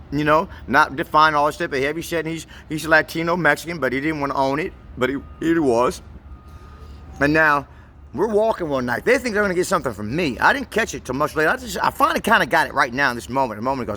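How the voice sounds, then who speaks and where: A vlogger with a slightly high, bright and forceful male voice tells the camera a long, wandering story. His telling is profane and rambling, and he often stumbles and repeats words while hunting for what to say.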